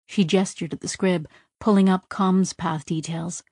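Woman narrator, slow pace, dry close sound, measured scripted reading. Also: fairly low pitch, fairly even intonation, darkish tone, no room sound. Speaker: audiobook narrator.

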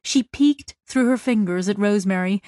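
A woman with a medium-pitched voice narrates an audiobook from a script, her storytelling delivery even and measured. The studio-quality recording has no echo.

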